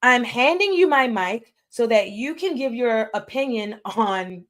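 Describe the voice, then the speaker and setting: A woman's voice: a little high, lively intonation, measured pace, fairly bright tone. A woman doing casual live-stream commentary, talking emphatically, repeating phrases and slipping into preachy asides. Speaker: livestream commentator. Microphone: streaming setup.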